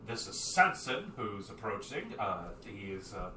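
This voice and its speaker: A man voicing a nervous knight in armor who fumbles every greeting, stammering through stiff, formal pleasantries in a tabletop game. The voice is bright and pushed, and it sounds a little off the mic in an echoey room with faint noise behind it. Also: on the low side, very animated, a little slow, distant mic, exaggerated voice. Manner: stammering, overly formal, full of "uh"s. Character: flustered, awkward human knight in armor.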